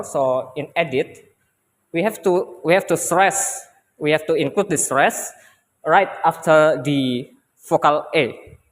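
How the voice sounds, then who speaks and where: A man's voice: medium pitch, in a large hall. A young man with an Indonesian accent giving a classroom presentation, hesitant and often repeating himself. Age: young adult. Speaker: student presenter.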